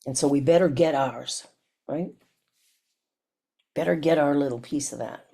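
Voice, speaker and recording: Low, mellow-voiced woman minister. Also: unhurried, creaky, breathy edge. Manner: reflective, asks the listener many questions. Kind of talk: sermon.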